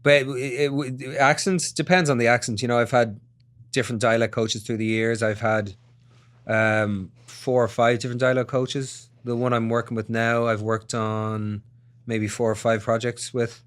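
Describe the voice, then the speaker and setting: A man's voice: mid-range voice, flat delivery, normal speed, fairly bright tone. A man with an Irish accent, a guest actor in a casual interview, reflecting aloud and restarting his sentences. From Ireland.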